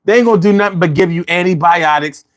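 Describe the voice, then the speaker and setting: A man hosting a casual podcast stream, reading chat comments aloud and riffing in a profane, animated way. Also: high-pitched, fast. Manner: profane, animated, riffs into rhymes.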